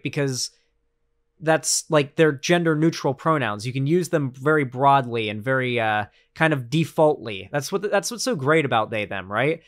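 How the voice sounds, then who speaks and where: A man's voice: fairly high pitch, fairly bright tone. Sarcastic rambling male streamer. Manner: rambling, sarcastic, many fillers and restarts. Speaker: political commentary streamer. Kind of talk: casual live-stream commentary.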